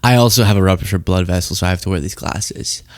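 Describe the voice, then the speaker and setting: A man hosting a political commentary show, talking casually and sarcastically, sometimes jumping into high mocking voices. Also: steady tone, quick pace, no room sound.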